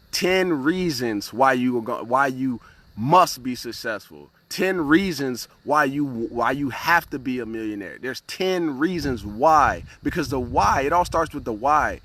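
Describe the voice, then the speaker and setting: A man's voice: mid-range voice, expressive, measured pace, sharp tone, no room sound. Earnest man hosting a motivational livestream. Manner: earnest, repeats words, keeps asking "right?"; greets viewers by name from the comments. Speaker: live-stream host and motivational speaker. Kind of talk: casual live-stream motivational talk.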